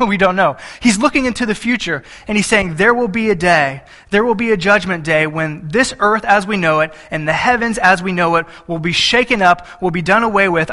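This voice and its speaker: A man's voice: high-pitched, pushed and bright. A male pastor preaching an expository sermon, reading verses aloud and asking the congregation rhetorical questions.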